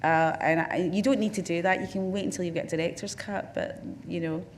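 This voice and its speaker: A woman's voice: lowish voice, fairly even intonation, fairly quick, slight background noise. A woman with a Glaswegian accent, a film director and interview guest, tells anecdotes on stage in a rambling way, full of restarts and "you know"s. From Scotland. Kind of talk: on-stage career conversation, anecdotal. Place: festival talk stage with audience.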